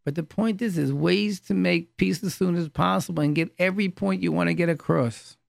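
A rabbi giving an informal class, telling stories and repeating key phrases for emphasis. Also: male voice, high voice, fairly quick, gravelly, no room sound.

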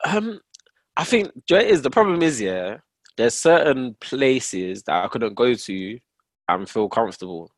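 A young man chatting casually with friends, animated and quick to laugh. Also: medium pitch, dry recording. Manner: animated, laughs often, repeats himself. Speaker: podcast co-host. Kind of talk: casual chat among friends.

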